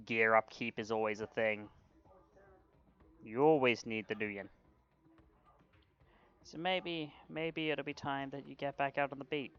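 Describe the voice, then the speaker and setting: Casual male game master narrating a tabletop session, mid-pitched, dull lo-fi sound. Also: flat delivery, measured pace, pauses often, a bit bright, clear, resonant tone. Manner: casual, with restarts and fillers.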